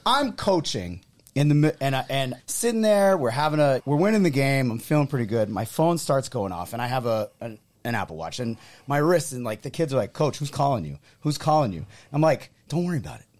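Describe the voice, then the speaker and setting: A man's voice: medium pitch, fairly quick. A man hosting a sports podcast, chatting casually and acting out quotes as he tells a story. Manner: animated storyteller, acts out quotes. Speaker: podcast host.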